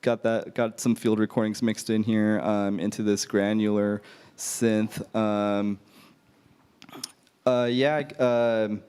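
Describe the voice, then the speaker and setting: A young man with a smooth, resonant voice pitched a little low chats easily as a guest musician. He keeps an unhurried, easygoing manner, with plenty of ums and uhs. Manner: relaxed and easygoing, many fillers. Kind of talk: casual interview chat.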